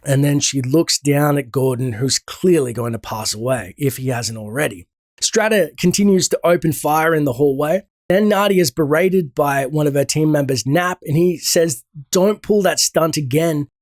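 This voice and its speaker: A man recapping a comic book story in a relaxed, conversational way, thinking aloud as he goes. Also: fairly high pitch, moderate pace, dry recording, studio quality. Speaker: game lore channel host.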